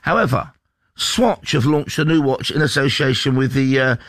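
A man's voice: medium pitch, animated, normal speed, a bit bright, dry recording. A man from England co-presenting a casual breakfast radio show, rambling through anecdotes and reading news items aloud.

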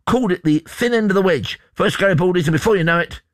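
A man's voice: sits high, fast talker, dry recording. A man co-hosting a radio show, reading stories and teasing his co-host. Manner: teasing, jokey, reads stories aloud. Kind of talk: bantering news chat.

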